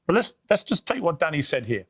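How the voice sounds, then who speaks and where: A man's voice: on the high side, big pitch swings, fairly quick, vocal fry, fairly bright tone, breathy edge. Assertive male interviewer. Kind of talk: broadcast interview.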